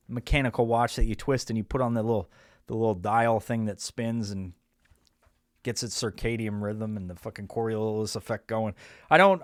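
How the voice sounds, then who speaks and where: A man's voice: medium pitch, no echo, studio quality. A man hosting a podcast, rambling through a crude, sarcastic comedic monologue full of restarts. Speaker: podcast host.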